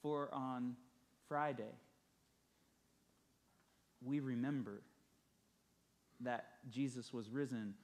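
A man's voice: mid-range voice, steady tone, extremely slow, pauses often. A male pastor preaching a sermon, telling a story and building emphasis through repeated phrases.

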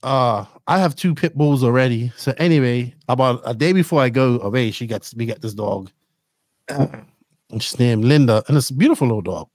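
A middle-aged man hosting a podcast, telling rambling, animated stories in casual chat. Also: medium pitch, brisk, no room sound, clean studio sound. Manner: rambling, animated storytelling with laughs. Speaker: podcast host.

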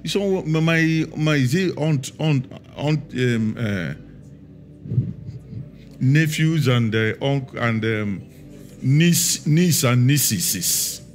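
A middle-aged man, a pastor preaching a sermon and telling stories, stressing words and drawing them out. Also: fairly high pitch. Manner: storytelling, emphatic with drawn-out words.

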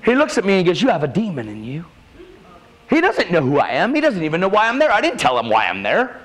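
A man delivers a revival sermon as a personal testimony. His voice rides high and leaps up and down, emphatic and animated as he acts out the people in his story. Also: rapid-fire, low-quality recording. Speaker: preacher. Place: church revival meeting.

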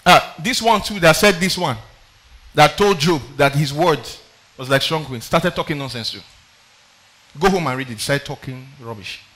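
A pastor with a fairly high-pitched, fairly bright voice preaches a sermon at normal speed. He reads scripture aloud with dramatic emphasis and calls out for the next verse.

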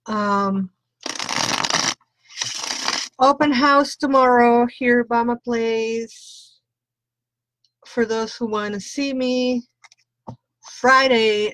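A woman's voice: medium pitch, a bit bright, no echo. A woman tarot reader doing a chatty live-stream reading, greeting viewers by name and laughing often.

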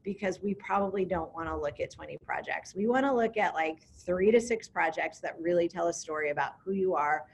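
A woman's voice: fairly low pitch, brisk, vocal fry, few pauses, slight background noise. A woman directing a program, speaking in a casual, upbeat way with frequent ums during an online information session.

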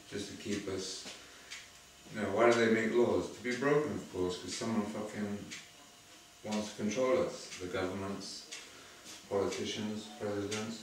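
A man's voice: fairly low pitch, fairly even intonation, measured pace. A man ranting to the camera, full of profanity. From England. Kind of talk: monologue to camera. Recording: echoey room, far from mic, noisy.

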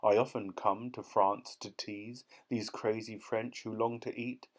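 A man's voice: on the low side, little pitch movement, measured pace. A man voicing a cheerful, boastful giant magic toad in a storybook read in rhyming verse, with jaunty, self-satisfied speech. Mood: calm.

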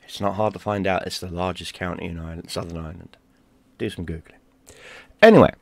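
A man ranting in a heated, profane monologue, dropping to a mutter and then bursting out loud. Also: steady tone, fast, creaky, dry recording. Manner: heated and profane, swings between low mutter and loud outbursts. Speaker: gaming YouTuber.

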